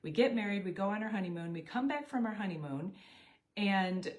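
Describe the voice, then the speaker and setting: Speaking a little fast in a mid-range voice, a middle-aged network marketing storyteller shares a personal anecdote in a casual, animated way. She performs snippets of dialogue with different quoted voices.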